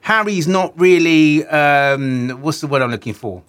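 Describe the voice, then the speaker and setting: Man, radio host, chatty, opinionated, slightly high-pitched. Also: a little slow, fairly bright tone. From Britain. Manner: chatty, opinionated, trails off mid-sentence. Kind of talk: casual radio chat.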